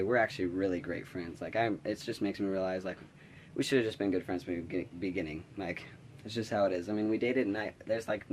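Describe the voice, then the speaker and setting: A young man with a slightly low voice tells a story to camera in a loose, casual way. He rambles, restarts his sentences and leans on filler words, now and then dropping to a whisper for an aside. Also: a little mellow, a little hiss or hum. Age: young adult. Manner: drops to a whisper for quoted asides. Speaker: vlogger.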